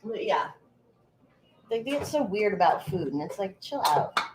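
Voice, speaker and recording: A woman in her thirties hosts a casual livestream from her home kitchen while she bakes. She talks loosely, swears often and answers her chat by name. Her voice sits at a middle pitch, with a faint hiss of background noise behind it. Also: big pitch swings, measured pace. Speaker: livestream host.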